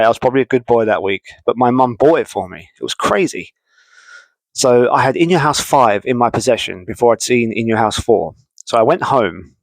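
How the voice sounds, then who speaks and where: Low-voiced man reminiscing casually. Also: dry recording, low-quality recording. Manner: rambling, lots of fillers and restarts. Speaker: wrestling video host. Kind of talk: casual nostalgic monologue.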